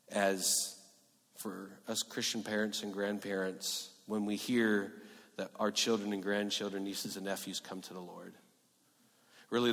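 A man preaching a sermon in a church hall, earnest, moving between emphatic and hushed delivery. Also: on the low side. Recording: echoey hall reverb.

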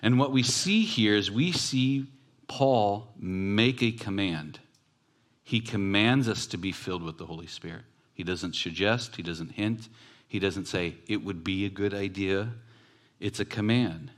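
Man, pastor, sermon, low voice, chatty self-deprecating storytelling. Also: a little slow.

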